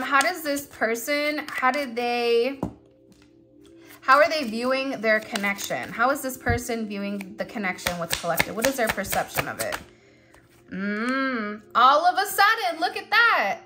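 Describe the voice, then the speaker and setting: A woman's voice: high voice, sharp tone. A young adult woman giving a rambling, chatty tarot reading to her viewers, with frequent restarts. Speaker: tarot reader.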